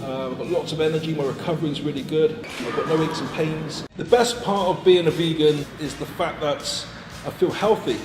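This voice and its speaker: A man's voice: on the high side, fairly even intonation, brisk, noisy background. A man, a pro bodybuilder, introducing himself to camera in an upbeat, enthusiastic way. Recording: echoey hall with loud music.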